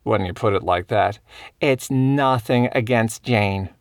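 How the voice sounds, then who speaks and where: A man's voice: lowish voice, slow, no room sound, clean studio sound. A man voicing a polite young bookshop owner who speaks in a mild, easygoing way.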